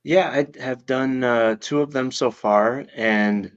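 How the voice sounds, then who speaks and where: A man, an author being interviewed, telling his story in an earnest, reflective way with halting restarts. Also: mid-range voice, smooth, dull audio. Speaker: author guest. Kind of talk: interview answers.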